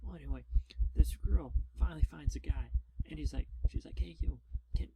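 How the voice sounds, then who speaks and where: A man telling rambling, deadpan stories in a whispered role-play. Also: fairly high pitch, brisk. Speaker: ASMR storyteller. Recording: loud background noise.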